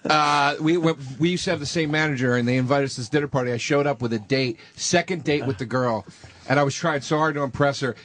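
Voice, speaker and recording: A man's voice: on the high side, fast talker. A man telling funny stories as a guest comic on a radio talk show, acting out what people said. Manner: animated, acts out quotes. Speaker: comedian guest. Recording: radio studio with loud laughter.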